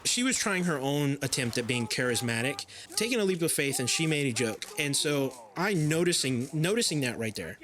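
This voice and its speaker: A young adult man hosting a casual podcast chat, telling stories in an animated, rambling way. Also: a little high, normal speed, few pauses. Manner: animated storyteller, talks in long rambling runs.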